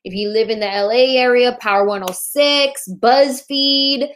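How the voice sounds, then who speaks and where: A woman's voice: fairly high pitch, unhurried, fairly bright tone. Chatty woman hosting a livestream. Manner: chatty, playful, laughing at tech trouble. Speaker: host. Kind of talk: casual livestream chat. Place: borrowed bedroom.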